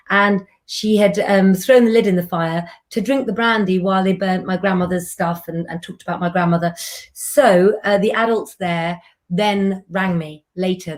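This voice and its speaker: A woman hosting a live tarot reading, talking gently and affectionately in a rambling way. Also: medium pitch. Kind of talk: live streamed tarot reading, casual chat.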